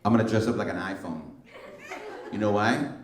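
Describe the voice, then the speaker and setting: A middle-aged stand-up comic works the crowd at a comedy club, teasing people brashly and using plenty of slang. His voice is on the low side and a little fast, captured with roomy, distant club sound, slight background noise, and audience laughter.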